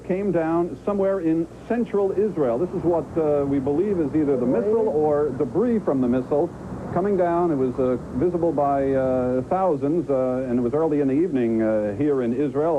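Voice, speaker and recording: A man's voice: on the high side, brisk. Brief: male field correspondent, plain factual report, tinny phone-like feed, faint hiss. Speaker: news correspondent. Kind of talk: live news report.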